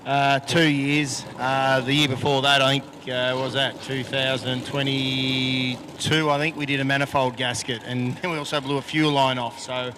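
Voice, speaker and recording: Bright-voiced Australian race driver, flat delivery. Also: male voice, medium pitch, normal speed, hardly any pauses, slight background noise. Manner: frank, plainspoken. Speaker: boat racing driver. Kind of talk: post-race interview. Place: outdoors at a boat race venue. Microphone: handheld microphone.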